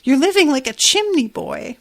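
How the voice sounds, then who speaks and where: A woman doing a bossy vampire lady, high and sharp. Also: animated, normal speed. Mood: scolding. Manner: blunt, doting, condescending. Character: bossy old-world female vampire mentor.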